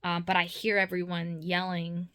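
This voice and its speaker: A woman speaks in a casual, heartfelt vlog about a dream and her faith, leaning on loose fillers as she goes. Her voice sits a bit low but sounds bright and forceful. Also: monotone, normal speed, clean tone. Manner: earnest and heartfelt, many "like" fillers. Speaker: vlogger.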